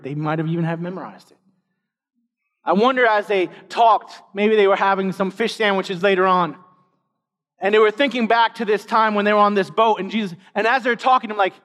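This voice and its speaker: High-voiced man preaching with reverb. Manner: dynamic, swings between loud emphasis and hushed low asides. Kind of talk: sermon.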